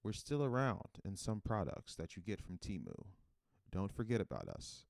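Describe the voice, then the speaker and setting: A man reading a mock ad as a bunch of micro USB cords. He delivers it flatly, as if reading copy. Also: lowish voice, normal speed, creaky, no echo, clean studio sound, exaggerated voice. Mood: pleading. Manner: flat mock-ad read. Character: micro USB cords, speaking as a group, pleading.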